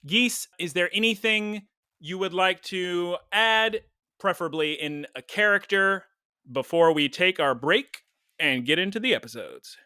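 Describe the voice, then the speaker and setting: Animated, chatty woman podcast co-host. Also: on the low side, unhurried, no room sound, studio quality. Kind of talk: casual chat.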